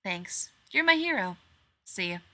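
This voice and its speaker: A woman's voice: mid-range voice, very animated, unhurried, bright, forceful tone, heavily acted. A woman voicing a chipper young woman with a predator underneath, speaking in a light, teasing way in a story reading. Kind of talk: fan fiction read aloud.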